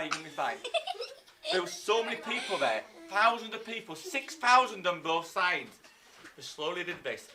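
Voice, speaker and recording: A man with an English accent teaching a live online history lesson to children, telling the story with lively acted-out voices. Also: fairly high pitch, a little hiss or hum. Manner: lively storytelling, acts out scenes in silly voices. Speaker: primary school teacher.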